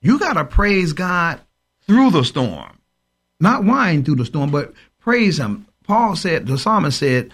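A man's voice: fairly high pitch, sing-song, slow, a bit bright, breathy edge. A man co-hosting a Christian radio show, preaching emphatically and quoting scripture. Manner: emphatic, quotes scripture, exhorting.

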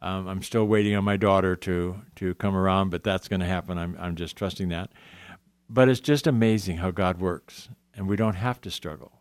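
A man's voice: low-pitched, steady tone, normal speed, clear, resonant tone, dry recording. A man earnestly telling his Christian testimony in a conversation, often quoting scripture. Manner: earnest, emotional, quotes scripture. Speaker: guest sharing testimony.

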